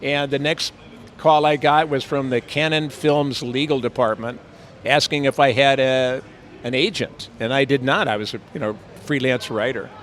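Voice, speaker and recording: A man's voice: medium pitch, steady tone, normal speed, a bit bright. An older man, an actor being interviewed, telling stories in a rambling way with many fillers, outdoors on a city street. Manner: rambling, with frequent fillers and playful impressions. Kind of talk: anecdotal storytelling.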